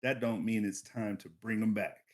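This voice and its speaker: A man putting on a gravelly, drawling voice for a sly roguish drifter. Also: on the low side, moderate pace, a little mellow, close to an everyday voice. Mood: wry.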